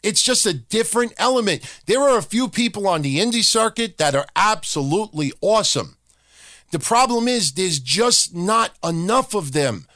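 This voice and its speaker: A man's voice: sits high, animated, moderate pace, sharp tone, no room sound, clean studio sound. A man hosting a podcast, ranting profanely and mocking people by acting out their lines. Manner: profane, mocking, acts out other people's talk. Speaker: podcast host. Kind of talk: opinionated rant.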